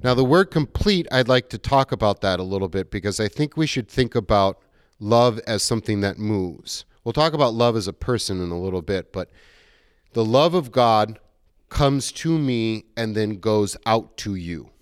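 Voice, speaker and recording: A man's voice: fairly low pitch, normal speed, smooth, dry recording, clean studio sound. A middle-aged male pastor giving a conversational sermon, acting out quoted dialogue as he goes.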